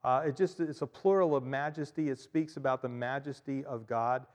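A man preaching a sermon in a church, animated, often repeating and stressing his points, with frequent fillers. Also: medium pitch, moderate pace, in a large hall. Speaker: pastor.

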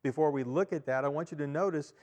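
A man preaching a sermon as pastor, emphatic, repeating key phrases and swinging between loud and quiet. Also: fairly high pitch, fast. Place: church. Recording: long reverb of a church hall.

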